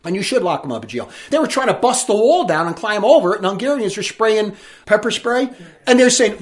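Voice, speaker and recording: A man delivering an indignant, forceful monologue with emphatic delivery. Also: sits high, very animated, fairly quick. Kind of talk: ranting monologue commentary.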